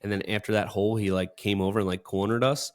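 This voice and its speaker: A man's voice: lowish voice, steady tone, fast. A young man co-hosting a podcast, telling a story in casual chat, rambling with lots of fillers. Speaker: podcast co-host.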